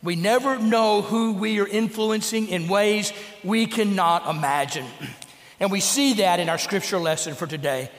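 A man's voice: high-pitched, moderate pace. A man preaching a sermon as pastor, earnest and emphatic, in a church sanctuary. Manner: earnest, emphatic preaching with dramatic acted quotes. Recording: long reverb of a church sanctuary.

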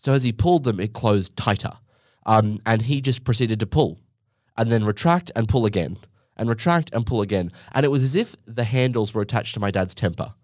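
Male podcast host, comic storyteller, low voice with animated swoops. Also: fairly quick, no room sound, studio quality. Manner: rambling, with many asides and self-mocking jokes. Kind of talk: casual comedic storytelling monologue.

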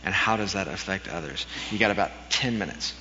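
A man's voice: sits low, fairly quick, pushed and bright, a little hiss or hum. A man preaching a sermon, telling a story from his childhood in an earnest way with some self-deprecating humor. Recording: dull recording with long hall reverb.

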